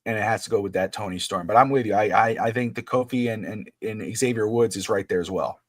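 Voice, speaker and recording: A man's voice: lowish voice, fast talker, no echo. Rambling man on a podcast. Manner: rambling, restarts sentences, acts out quotes. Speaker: podcast co-host. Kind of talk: casual chat.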